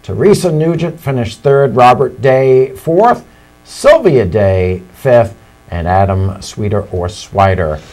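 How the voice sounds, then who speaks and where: A man's voice: mid-range voice, lively intonation, slow pace, mellow, soft background music. A man hosting live local election coverage, reading out vote counts with chatty asides and the occasional slip. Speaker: local TV election results host. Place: local TV studio.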